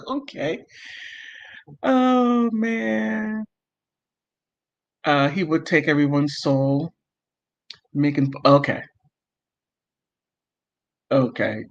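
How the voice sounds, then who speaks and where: Male streamer, slightly high voice, slow heated delivery, dull lo-fi audio. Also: expressive, gravelly, a bit bright. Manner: emotional, heated, self-interrupting and apologetic. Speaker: livestream host. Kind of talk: casual livestream commentary, reading chat comments.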